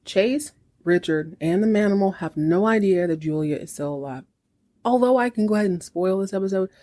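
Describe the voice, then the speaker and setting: A woman's voice: on the low side, darkish tone. A woman in her thirties hosting a podcast, recapping a TV series in casual chat, wry and chatty. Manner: chatty and wry, acts out characters' lines in quick voices.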